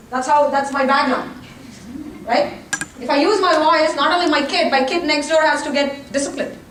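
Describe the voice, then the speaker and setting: A woman with a high voice gives a presentation. She addresses the audience directly and throws in jokes. She is picked up from a distance in an echoing room, with faint noise behind her. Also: a bit bright. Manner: direct, joking asides to the audience. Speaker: college lecturer giving a workshop talk. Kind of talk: lively presentation talk.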